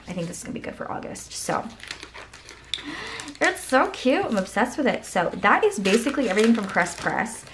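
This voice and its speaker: A woman's voice: medium pitch, slight background noise. A young woman vlogging a haul in a casual, gushing way, her voice worn out. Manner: gushing, excitable, lots of "like" and "obsessed".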